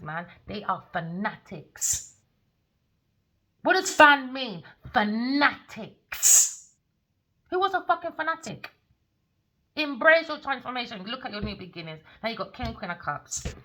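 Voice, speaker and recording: A woman's voice: medium pitch, pushed and bright. A woman doing a tarot reading in a casual, blunt, scolding manner, swearing freely. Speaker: tarot reader.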